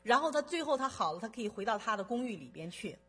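A woman interpreting a sermon live, quick and halting with restarts. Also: fairly high pitch, very animated, a bit bright, breathy edge, soft background music.

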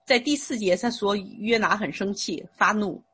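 A woman with a very husky voice of middle pitch interprets a sermon phrase by phrase. She speaks steadily and sometimes pauses to rephrase with small fillers. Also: fairly bright tone.

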